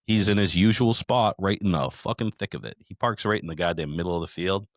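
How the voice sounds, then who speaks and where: A man's voice: deep voice, brisk, no echo, studio quality. A middle-aged man hosting a podcast, rambling through a profane, casual story recap. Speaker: podcast host.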